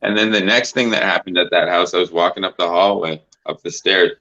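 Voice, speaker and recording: A man's voice: sits low, steady tone, fairly quick, pushed and bright. A man hosting a casual livestream chat, rambling and swearing with lots of filler words. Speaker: host. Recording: dull lo-fi stream audio.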